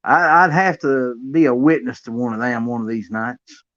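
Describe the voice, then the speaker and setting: A man's voice: mid-range voice, normal speed, a bit bright, no echo, muffled recording. A man hosting a casual interview, easygoing as he reacts to stories and asks questions. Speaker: interview host.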